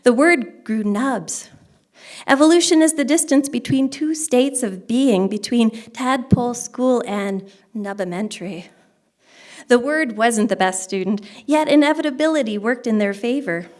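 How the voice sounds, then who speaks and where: A woman poet giving a poetry reading at a book launch, with quick, chatty asides between poems. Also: a little high. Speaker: poet reading her work.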